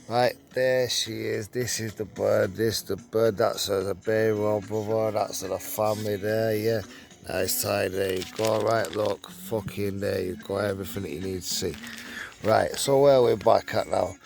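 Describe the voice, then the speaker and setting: A man's voice: fairly low pitch, steady tone, moderate pace, vocal fry. A man with a northern English accent reads a true crime story aloud. He breaks off into blunt asides and swears freely. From England. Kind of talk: reading an article aloud with casual asides.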